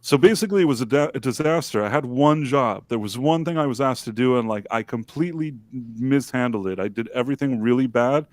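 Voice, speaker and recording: A man's voice: medium pitch, brisk, hardly any pauses, no echo. A man co-hosting a live stream, telling a story casually in a rambling, self-deprecating way with many fillers and restarts. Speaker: livestream co-host.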